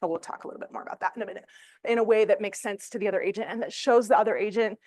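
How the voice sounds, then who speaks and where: A middle-aged woman teaching real estate agents in a training room, chatty and animated, with fillers. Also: mid-range voice, very fast, no room sound. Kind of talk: classroom training talk.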